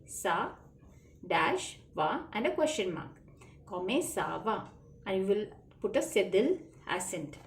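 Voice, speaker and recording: A woman's voice: medium pitch, darkish tone. A woman teaching a children's French lesson, patiently repeating phrases and spelling words out letter by letter. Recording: echoey room, faint background noise.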